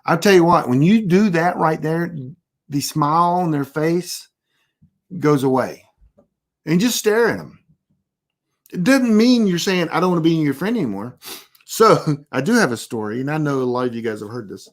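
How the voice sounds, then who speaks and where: Laid-back prep-class teacher who rambles and restarts but turns blunt and deadpan on key points. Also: mid-range voice, moderate pace. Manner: rambling, self-interrupting, anecdotal. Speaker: preparedness class instructor. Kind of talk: casual live online class.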